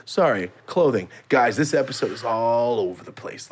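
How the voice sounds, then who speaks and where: Young dude hosting a podcast, all over the place, swears a lot, mid voice. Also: male voice, medium pitch, animated, moderate pace, hardly any pauses, slight background noise. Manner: rambling storyteller, swears freely, acts out quotes. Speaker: podcast host. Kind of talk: casual chat.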